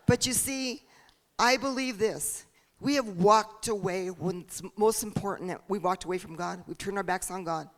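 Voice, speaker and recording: A woman's voice: mid-range voice, normal speed. A woman candidate giving an earnest, preaching campaign speech with rhetorical questions. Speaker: political candidate. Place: church hall.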